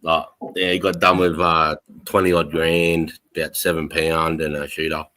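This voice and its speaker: A man's voice: extremely low pitch, flat delivery, moderate pace, sharp tone. A man with an Australian accent hosting a live stream, telling stories with plenty of swearing and laughs, greeting viewers by name. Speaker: livestream host. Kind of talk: casual chat.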